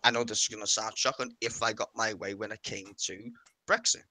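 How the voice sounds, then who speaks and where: Blunt sweary Scouse man, bright voice. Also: lowish voice, fairly even intonation, fairly quick, no echo. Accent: Liverpool Scouse. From Liverpool. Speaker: stream co-host. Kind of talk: casual chat.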